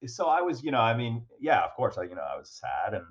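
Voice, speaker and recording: A young man telling a story in a casual chat, animated and self-deprecating, with lots of fillers and restarts. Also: medium pitch, fast talker. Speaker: guest. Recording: dull lo-fi sound.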